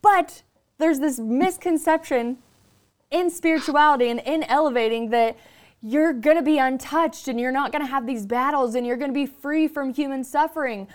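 A woman hosting a podcast who tells stories in a casual, profane, lively way. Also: high voice, normal speed. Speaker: podcast host.

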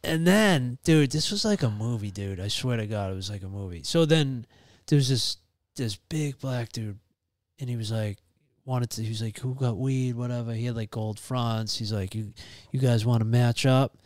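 A man, telling a wild anecdote in an animated, profane, casual chat. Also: medium pitch, moderate pace, no echo.

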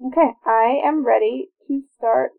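Chatty woman with a gravelly, high voice. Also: unhurried. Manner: chatty, enthusiastic about trivia. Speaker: podcast co-host. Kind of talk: casual movie-watch commentary. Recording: phone-like narrow sound.

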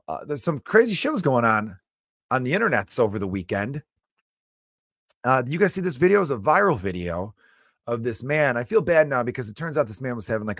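A man with a deep, low voice rambles through a solo comedy rant on his podcast. He is profane and loose, jumping from loud bursts to muttered asides. The recording is close and dry. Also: dry recording.

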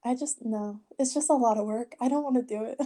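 A woman's voice: on the high side, a little fast, dark tone. A woman podcast host in casual chat, bubbly, laughing often and swearing freely.

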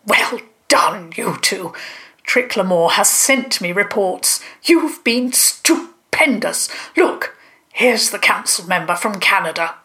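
A woman voicing a polite, encouraging gentleman. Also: mid-range voice, animated, slow pace. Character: kindly, formal human gentleman. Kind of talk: children's storybook reading.

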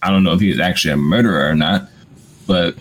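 Deep-voiced laid-back man. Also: fast talker, slightly rough. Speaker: podcast co-host. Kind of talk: casual podcast chat.

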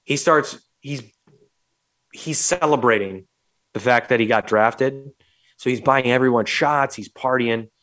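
A man's voice: medium pitch, measured pace. A man from St. Louis hosting a podcast, telling a story casually and acting out the quotes with plenty of swearing. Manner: animated, swears freely, acts out quotes. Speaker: podcast host.

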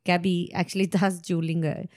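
A woman co-hosting, telling a story in relaxed casual chat. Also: on the low side, normal speed. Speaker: guest host.

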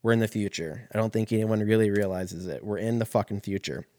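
A man's voice: lowish voice, a little fast, darkish tone, no room sound. A man in his thirties telling a casual, rambling, profane story as a podcast host.

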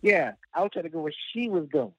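A man's voice: on the high side, animated, fast, no room sound. A man telling a long, rambling personal story as a guest, full of fillers and laughing at himself. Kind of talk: casual storytelling. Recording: dull lo-fi dry sound.

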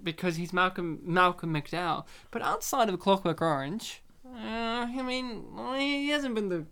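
A man's voice: high-pitched, animated, unhurried, bright, forceful tone, smooth. A man co-hosting a casual podcast, chatting about a film while it plays, joking, swearing and laughing often. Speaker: podcast co-host. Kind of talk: casual film commentary chat.

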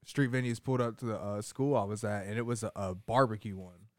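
A man's voice: fairly low pitch, quick pace, no room sound. A man chatting casually on a podcast, laid-back and full of slang. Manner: laid-back, uses slang like slaps and bro. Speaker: podcast co-host. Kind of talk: casual chat.

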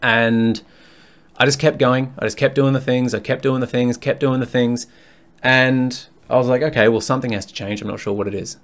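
A man's voice: mid-range voice, fairly even intonation, normal speed. A man hosting a fitness podcast alone, talking bluntly and frankly, swearing freely and rambling as he thinks aloud. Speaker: fitness coach and podcast host. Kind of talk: candid solo podcast monologue.

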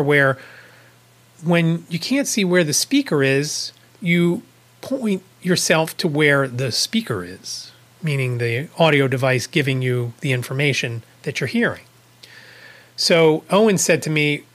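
A man's voice: on the high side, a bit bright. A man hosting a podcast, telling a story in a casual, rambling way with wry asides. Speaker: podcast host.

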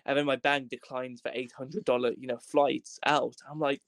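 A young man from Wales telling a comedic travel story as a podcast guest, animated, in quick bursts, swearing and acting out voices. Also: medium pitch, no room sound. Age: young adult.

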